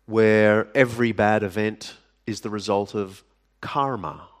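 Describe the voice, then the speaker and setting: A man with a lowish voice preaches a sermon at an unhurried, measured pace. He leans into dramatic pauses and lets his voice fall quiet for effect. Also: fairly even intonation. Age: adult. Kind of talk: sermon to a live audience.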